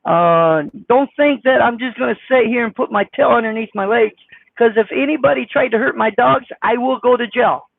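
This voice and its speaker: A man with a squeaky, very high voice and a gravelly edge talks blunt and folksy, answering his chat. The sound is thin and phone-like, with no room around it. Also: normal speed, no room sound. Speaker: trucker vlogger reading live chat. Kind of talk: casual live-stream chat.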